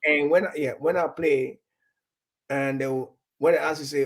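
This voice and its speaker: A man's voice: medium pitch, fairly even intonation, normal speed. A man from Nigeria talking in casual chat, rambling, repeating words and acting out bits of dialogue.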